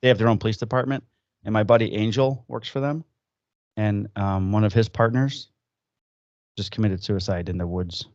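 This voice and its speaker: A man's voice: fairly low pitch, steady tone, normal speed, darkish tone, dry recording, highs cut off. A man co-hosting a podcast, chatting loosely and swearing through easygoing banter. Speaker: podcast co-host. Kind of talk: casual chat. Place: at home, recording remotely.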